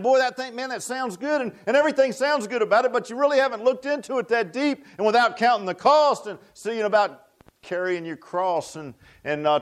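A man preaching a sermon in a folksy, repetitive way, often tossing out rhetorical "huh?" asides to the congregation. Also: high voice. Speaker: pastor.

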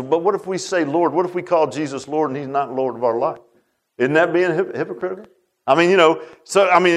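A man preaching a conversational sermon, firing rhetorical questions and swinging between loud and hushed. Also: medium pitch.

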